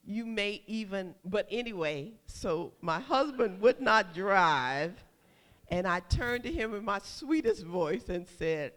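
A middle-aged woman preacher telling a personal story in a sermon, animated, calling out for amens. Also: mid-range voice, takes it slowly. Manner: animated storytelling, calls for amen, shouts acted quotes.

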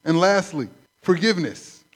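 A man preaching a sermon, conversational and animated, acting out stories. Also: sits high, normal speed. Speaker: pastor.

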